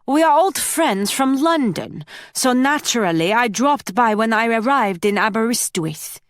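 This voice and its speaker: A woman's voice: on the high side, animated, measured pace, no echo, studio quality. A woman voicing a smug, teasing Flemish man. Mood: taunting. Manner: teasing, mocking. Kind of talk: audiobook character voice.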